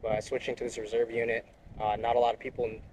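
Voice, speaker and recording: A man's voice: medium pitch, completely flat delivery, quick pace, darkish tone, slight background noise, poor audio. A young man, a Marine reservist, talking bluntly and profanely in a casual interview.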